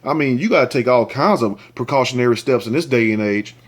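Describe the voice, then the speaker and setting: A man's voice: medium pitch, animated, fairly quick. Indignant man ranting over a news story. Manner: indignant, ranting, swears freely; talks straight to viewers, asks for likes and shares. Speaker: commentary show host. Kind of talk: reading a news story aloud with angry commentary.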